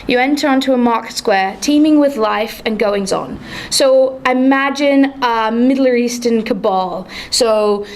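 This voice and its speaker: A woman running a tabletop game as game master, narrating the story in a lively way with some fillers. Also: a little high, measured pace.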